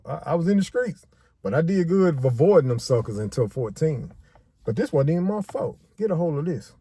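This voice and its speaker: A man's voice: mid-range voice, mellow. A man from Arkansas with a Southern accent, casually telling a personal story in slangy street talk and acting out the quotes.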